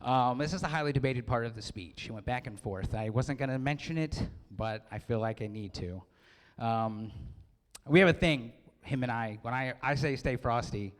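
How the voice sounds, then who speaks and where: A man's voice: mid-range voice, normal speed. A man in his forties giving a joking, self-deprecating wedding speech and laughing often. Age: 40s. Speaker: wedding speaker. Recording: long hall reverb.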